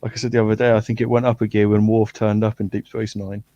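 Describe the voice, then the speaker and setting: An English man with an English accent chatting casually on a panel, animated and quick to laugh. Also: fairly low pitch, no echo, dull audio. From England.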